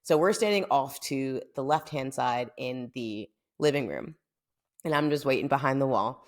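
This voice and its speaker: A young woman from the United States tells a story on her podcast in a chatty, animated way. Her voice sits low and has plenty of gravelly vocal fry. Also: normal speed. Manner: chatty, animated, lots of fillers. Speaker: podcast host. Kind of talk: casual storytelling.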